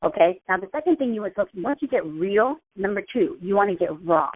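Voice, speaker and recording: A woman's voice: mid-range voice, expressive, brisk. A woman host giving a casual, chatty motivational talk, often repeating herself. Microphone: phone call. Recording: tinny phone-line sound.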